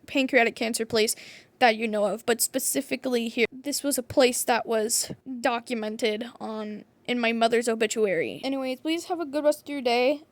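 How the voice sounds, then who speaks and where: A young woman talking earnestly in a personal vlog, heated in places and softening toward the end. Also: on the high side, dry recording. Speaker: vlogger.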